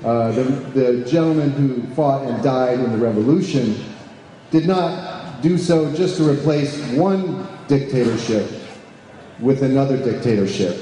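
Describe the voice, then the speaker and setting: A medium-pitched male voice with a dark tone delivers a speech to a live crowd as an advocacy group's deputy director. He uses many fillers, restarts his sentences, and frequently asks the audience questions. Recorded in a large echoey room, the sound carries hall reverb and a faint layer of background noise.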